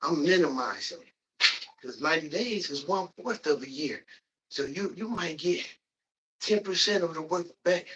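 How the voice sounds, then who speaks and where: A man huffs and puffs through a workout as he preaches encouragement, breaking into loud whoops between lines. His voice is bright and raised a touch higher than usual for a man. He sits at a distance from the microphone. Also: lively intonation, moderate pace, highs cut off, slight background noise. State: out of breath from exercising. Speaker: livestreamer leading a workout. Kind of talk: motivational workout talk. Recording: voice distant from the mic.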